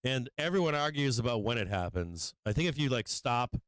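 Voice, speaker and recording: A man hosts a live trading stream, musing loosely about the market and swearing freely when a trade annoys him. His voice is smooth and clear, set at an average pitch. The sound is dry and close, with little room around it. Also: expressive, fairly quick, a bit bright, no echo, rough recording. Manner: profane, venting frustration, laughing at himself; rambling with fillers and restarts. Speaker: livestream stock trading host.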